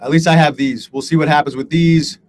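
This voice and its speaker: A fairly high-voiced man streams his day trading live and talks straight to his viewers. He is frustrated and self-deprecating, swearing freely. Faint background noise runs under his voice. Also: fairly even intonation, brisk, rough recording. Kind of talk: live stream talking to chat.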